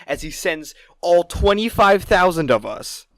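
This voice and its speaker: A man co-hosting a podcast, telling a long story in casual chat, rambling and excitable, with plenty of swearing. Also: sits high, a little slow, no echo. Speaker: podcast co-host.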